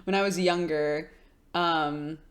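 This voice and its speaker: A woman's voice: low voice, fairly even intonation, takes it slowly. A young woman streamer chatting casually with her live chat, telling stories with lots of fillers and giggles.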